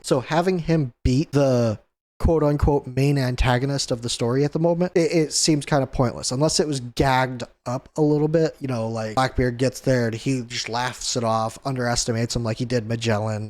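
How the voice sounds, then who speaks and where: Male host, mid-pitched, casual rambling review talk with frequent chuckles. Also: a little mellow. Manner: rambling, chuckles often, acts out the characters. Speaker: host of a manga review channel. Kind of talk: casual chapter review chat.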